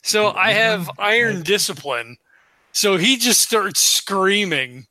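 A man's voice: sits high, expressive, slow pace, bright, forceful tone, no echo. A man playing a tabletop game, chatty and full of fillers. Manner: chatty, many likes, restarts. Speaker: player.

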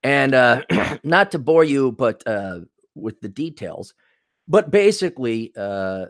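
Animated, swearing male podcast host. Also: medium pitch, takes it slowly, no echo, studio quality. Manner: profane, animated storytelling with quoted voices. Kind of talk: casual comedic rant.

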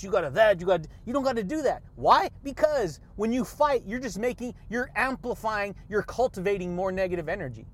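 High-voiced excitable male podcast host. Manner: excitable, laughs often, catchphrases like "yeah, buddy" and "baby"; preachy, repetitive pep talk. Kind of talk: motivational podcast monologue.

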